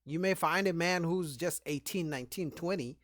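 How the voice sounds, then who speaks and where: A man's voice: on the high side, moderate pace, a bit bright, no room sound, studio quality. Easygoing man explaining with examples. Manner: casual, explains by giving examples, often agrees. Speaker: panelist. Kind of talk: heated group debate.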